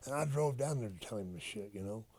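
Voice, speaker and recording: Gravelly older man telling profane stories. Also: fairly low pitch, fast. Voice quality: gravelly, husky. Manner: profane, animated storyteller acting out quoted dialogue. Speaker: interview guest, retired wrestler. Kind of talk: storytelling in a casual interview.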